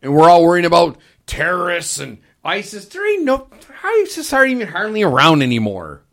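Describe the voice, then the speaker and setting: A middle-aged man hosting a podcast, telling profane, animated stories and acting out the quotes in casual chat. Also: sits high, a little fast. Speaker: podcast host.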